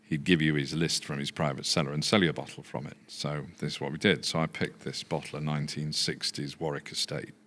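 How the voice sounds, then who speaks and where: Older guy, super deep voice, rambling through a story with lots of uhs. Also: fairly quick, hardly any pauses. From Yorkshire. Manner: relaxed storyteller with fillers. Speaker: guest, business founder. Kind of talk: anecdotal chat.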